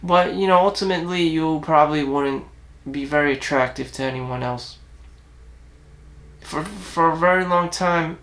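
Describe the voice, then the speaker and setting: A man with a gravelly, raspy voice and a fairly high pitch for a guy. He rambles through a self-reflective monologue in a blunt, profane way. He stops and restarts his sentences often. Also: a bit bright. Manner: halting, with frequent restarts and fillers. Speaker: self-help vlogger.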